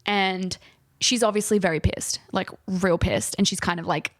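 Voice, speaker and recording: A woman's voice: mid-range voice, fairly even intonation, moderate pace, no echo. A young woman vlogger giving a casual, sarcastic book recap, swearing and laughing often.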